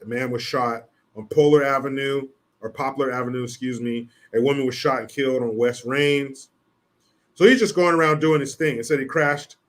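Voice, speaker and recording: A man's voice: medium pitch, a bit bright. Blunt, profane man reading the news. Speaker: commentary vlogger. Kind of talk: reading news aloud with commentary.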